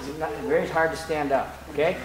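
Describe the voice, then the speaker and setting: A man's voice: fairly high pitch, a little fast. A man coaching grappling technique on the mat, telling stories as he demonstrates moves. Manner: animated, storytelling, demonstrates moves. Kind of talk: mat-side technique instruction. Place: training gym. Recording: echoey gym, background noise.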